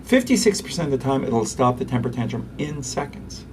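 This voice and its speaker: Animated man explaining parenting. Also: mid-range voice, recorded from a distance, slight background noise. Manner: animated, acts out parents and toddlers in quick voices. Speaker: pediatrician, guest. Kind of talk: conversational interview.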